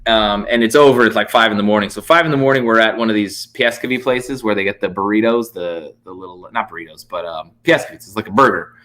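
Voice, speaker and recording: Bright-voiced man telling stories. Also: fairly low pitch, quick pace, hardly any pauses. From United States. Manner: animated, lots of fillers and swearing. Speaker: podcast guest, YouTuber. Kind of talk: casual storytelling chat.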